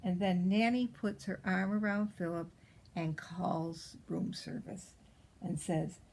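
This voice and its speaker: A woman voicing a precocious, spoiled little girl as she reads a storybook in character, with a pert, drawn-out way of stressing words. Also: fairly low pitch, fairly even intonation, vocal fry, a little mellow, full character voice, poor audio.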